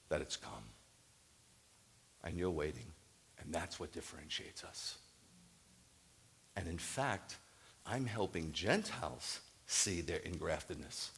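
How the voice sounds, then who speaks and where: A Messianic rabbi telling a story in a sermon to a live congregation, acting out the dialogue and building to emphatic preaching. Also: male voice, low-pitched, creaky. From United States. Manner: animated, acts out quoted dialogue, rises to emphatic preaching. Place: congregation hall, addressing a live audience.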